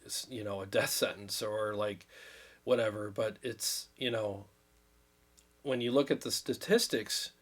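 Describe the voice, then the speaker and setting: A man's voice: fairly low pitch, fairly even intonation, unhurried, a bit bright. Man, 50s, livestream host; earnest, rambling, a little emotional. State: recovering from illness, drained. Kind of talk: casual livestream chat.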